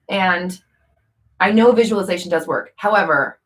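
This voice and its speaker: Woman vlogger, lower-pitched voice, casual and rambling, fillers, restarts. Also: moderate pace, fairly bright tone. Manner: rambling, lots of fillers and self-corrections. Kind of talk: casual talk to camera.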